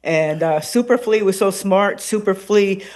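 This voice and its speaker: Animated woman rambling with many fillers. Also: mid-range voice, a little slow. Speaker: radio host and podcaster, guest. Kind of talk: casual interview chat.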